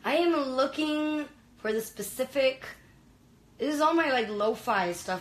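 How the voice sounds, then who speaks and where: A woman's voice: high voice, expressive, measured pace, poor audio. A young woman from Venezuela chatting casually on a live stream, gushing and full of fillers, talking into a phone. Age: young adult. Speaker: livestreamer.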